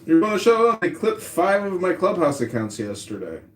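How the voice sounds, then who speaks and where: A man's voice: sits high, sing-song, normal speed, echoey room, a little hiss or hum. Brash joking man hosting a call-in. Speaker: podcast host and candidate. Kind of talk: casual call-in chat.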